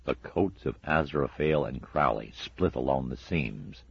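A man narrating a storybook in a measured, dry and expressive way. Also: very deep voice, creaky, husky, no room sound, dull audio. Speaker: audiobook narrator.

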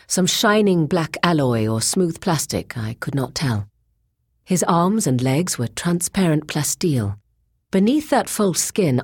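A woman reading a story aloud as an audiobook narrator, deliberate and descriptive. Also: a bass voice, darkish tone, slightly rough, dry recording, studio quality.

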